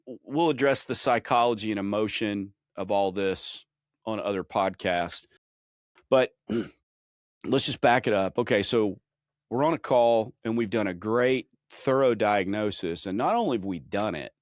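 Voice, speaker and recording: A man with a low voice hosts a podcast and explains his points in an energetic, conversational way. The sound is dry and close, with no room echo. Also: measured pace. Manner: energetic, explanatory, many restarts. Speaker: podcast host. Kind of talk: instructional podcast chat.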